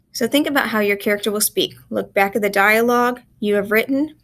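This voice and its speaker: A woman teacher giving a recorded writing lesson, explaining in a calm, measured way. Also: mid-range voice.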